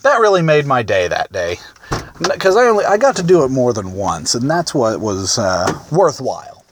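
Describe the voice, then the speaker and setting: A man's voice: medium pitch, big pitch swings, normal speed, a little hiss or hum. A man telling a rambling, self-amused anecdote casually, with restarts and chuckles. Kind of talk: casual storytelling.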